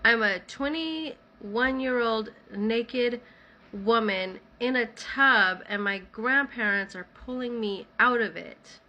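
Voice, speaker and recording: A woman's voice: on the high side, animated, measured pace, bright, forceful tone. A woman casually telling her own story in the first person, talking in a loose, conversational way full of "like". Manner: conversational, many "like" fillers.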